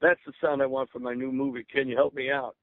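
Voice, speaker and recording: A man doing a gruff friendly movie-star caller. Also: medium pitch, little pitch movement, fast talker, dry recording, close to an everyday voice. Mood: casual. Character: impression of a famous tough-guy movie star, male, gruff and friendly. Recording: narrow phone-line radio sound.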